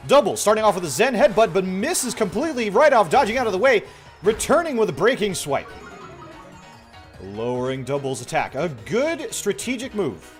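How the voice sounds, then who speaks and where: An excitable male stadium announcer, put on by a man, calls a video game battle blow by blow, stretching his words and raising his voice high and loud. His delivery is booming and theatrical, with faint music playing behind him. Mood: hyped. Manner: booming, drawn-out sports announcing. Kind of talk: play-by-play commentary.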